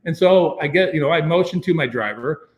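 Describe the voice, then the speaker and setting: An American man casually telling a long story, acting out his own thoughts in a rambling, animated way. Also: fairly quick, muffled recording. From United States. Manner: animated, acts out his own past thoughts with sudden jumps in pitch; rambling, with many fillers and restarts.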